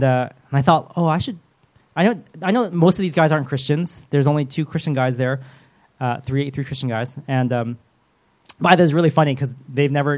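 Male pastor, middle-aged, casual storytelling sermon, conversational with lots of fillers. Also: medium pitch. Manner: conversational, rambling with fillers and quoted inner thoughts.

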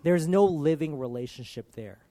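A man preaching in a relaxed, conversational way, his voice sitting a little high for a man. He talks earnestly with lots of casual filler, pushing some lines out loud and dropping others to a hush. The sound is close and dry, with no room echo. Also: moderate pace.

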